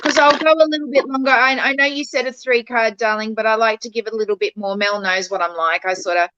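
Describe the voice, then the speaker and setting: A woman's voice: fairly high pitch, steady tone, fast, a bit bright, dry recording. A chatty, affectionate woman reading tarot on a live stream, calling people darling. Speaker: tarot reader. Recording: muffled with background noise.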